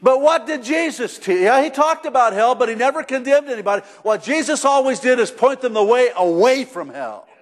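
A middle-aged male pastor preaching a sermon in a church, conversational and emphatic, rising to shouts at times. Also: very high-pitched, animated, fairly quick, hardly any pauses. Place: church sanctuary. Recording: long hall reverb.

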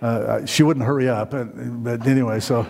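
A man's voice: medium pitch, fairly even intonation, moderate pace, creaky, a little mellow. A middle-aged male pastor delivers a sermon in a casual, rambling way, stumbling over fillers and restarting his sentences. He keeps turning to the congregation with questions. His voice carries a long reverb from a church hall.

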